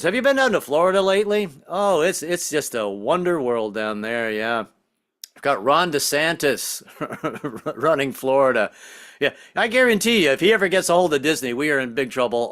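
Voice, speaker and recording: A man doing a rambling stand-up comedy set over a video call, slipping into quick impressions. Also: medium pitch, a bit bright.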